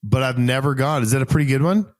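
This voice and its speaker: A middle-aged man from South Carolina, co-hosting a podcast and telling stories in lively casual chat, jumping into high voices when he quotes people. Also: quick pace. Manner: animated, jumps into high-pitched voices when quoting people. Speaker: podcast co-host.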